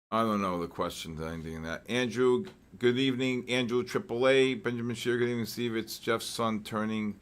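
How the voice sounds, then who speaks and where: A man hosting a live trading session, giving rambling market commentary with repeated words, exclamatory asides and frequent throat clearing. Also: medium pitch, moderate pace, a bit bright. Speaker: trading show host.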